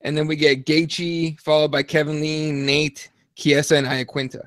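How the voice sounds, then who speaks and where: A man co-hosting a casual sports chat, excitable and swearing freely. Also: a little high, normal speed, no room sound, clean studio sound. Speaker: podcast co-host.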